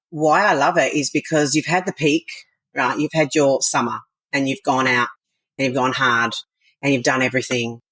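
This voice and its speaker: Woman, podcast guest, husky breathy voice, dry close sound. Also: a bass voice, fairly bright tone, no echo, poor audio. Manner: enthusiastic, rambling, frequent fillers and laughs. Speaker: podcast guest, wellness coach. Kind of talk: casual interview chat.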